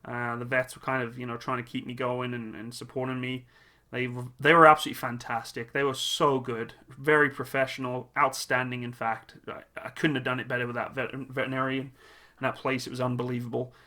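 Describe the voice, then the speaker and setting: A man hosting his own channel, speaking in a halting, emotional way with many pauses and restarts as he gives a personal tribute. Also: medium pitch, level tone, sharp tone. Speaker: channel host.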